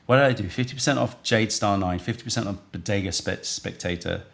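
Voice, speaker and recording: A man with a low, gravelly voice hosts a casual live stream. He rambles, thinks out loud and chats loosely with his viewers. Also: quick pace. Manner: rambling, chatty, thinks aloud. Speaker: livestream host selling tea.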